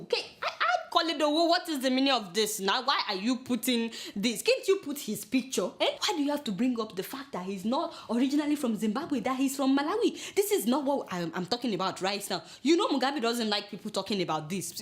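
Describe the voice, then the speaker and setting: A woman's voice: high voice, very animated, brisk, hardly any pauses. A young woman hosting a comic news show, mock-outraged and scolding her producer. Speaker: satirical news show host.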